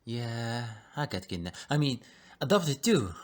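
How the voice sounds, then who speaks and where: A man's voice: medium pitch, very animated, unhurried. A man with a thick foreign accent playing a cheerful, laid-back captive who chats with easy hesitations. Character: cheerful easygoing adult man, a fellow captive.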